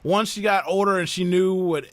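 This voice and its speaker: A man hosting a podcast, telling family stories in animated casual chat. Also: high voice, normal speed, no room sound. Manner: animated storyteller who mimics voices. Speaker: podcast host.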